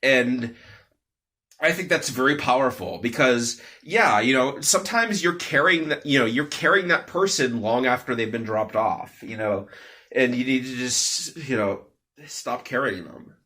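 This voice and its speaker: A man's voice: medium pitch, measured pace, pushed and bright. A young man giving an off-the-cuff personal update at home, rambling with many fillers and restarts. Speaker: vlogger.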